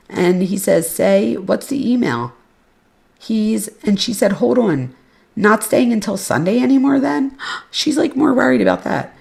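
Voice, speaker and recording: A woman's voice: medium pitch, vocal fry, a little mellow. A woman hosting a podcast, reading case records and message exchanges aloud with casual, blunt asides. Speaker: podcast host.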